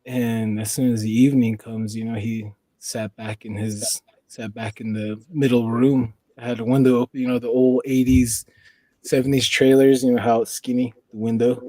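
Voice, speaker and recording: A man's voice: medium pitch, level tone, moderate pace, dark tone, no room sound, rough recording. A man from the Four Corners region of the US, a podcast guest telling a long story in a rambling way and leaning on "you know". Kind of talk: casual storytelling.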